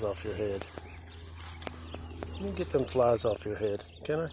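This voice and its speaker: A man's voice: medium pitch, very animated, normal speed, pauses often. A man chatting to cows in a pasture, coaxing and cooing at them in a playful way. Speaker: vlogger. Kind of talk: casual chat to farm animals. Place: outdoor farm pasture with cows. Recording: noisy outdoor farm sound.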